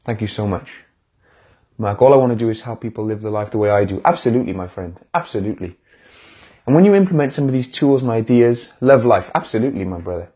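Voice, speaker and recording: Husky, mellow-voiced man giving a live pep talk. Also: on the low side, fast talker. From United Kingdom. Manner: warm, encouraging, addresses viewers directly. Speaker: motivational speaker.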